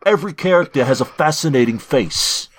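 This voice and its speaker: A man voicing a tough-talking male mobster type with a gruff put-on accent. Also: mid-range voice, animated, brisk, a crowd in the background, pitched above the performer's own voice, lightly acted. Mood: mock-menacing.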